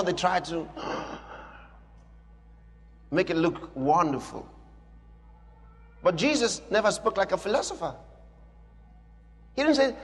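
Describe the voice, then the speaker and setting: A man preaching a sermon, reading scripture and swinging between hushed asides and shouted declarations, with chuckles between points. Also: high voice. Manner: reads scripture aloud to a congregation. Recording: long hall reverb.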